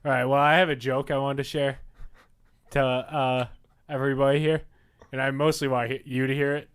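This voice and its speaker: A man's voice: medium pitch, little pitch movement, a little fast, smooth. A young man co-hosting a podcast, chatting casually and telling crude jokes. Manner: crude, joking, tells dirty bar jokes. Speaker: podcast co-host.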